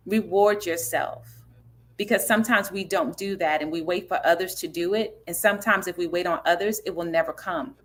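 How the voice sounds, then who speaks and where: A woman's voice: fairly low pitch, quick pace, hardly any pauses, fairly bright tone. A woman author and stage director answering interview questions earnestly and reflectively, with frequent fillers.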